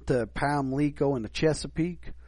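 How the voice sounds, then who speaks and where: A man with a New York accent hosting a podcast, talking through a rambling, animated solo commentary full of restarts and asides. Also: a little high, normal speed, dry recording. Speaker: podcast host.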